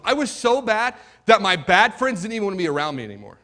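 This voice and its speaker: Bright, forceful young man preaching. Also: high-pitched, very animated, quick pace, few pauses. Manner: dramatic storytelling, swinging between hushed and loud; talks straight to the crowd with questions. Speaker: youth speaker giving his testimony. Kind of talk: testimony sermon to a live audience.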